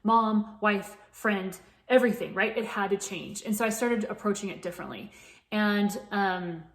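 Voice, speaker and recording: In an echoey room, a late-thirties fitness coach talks to camera about her own life in a frank, conversational way with plenty of restarts. Her pitch is medium and her pace moderate.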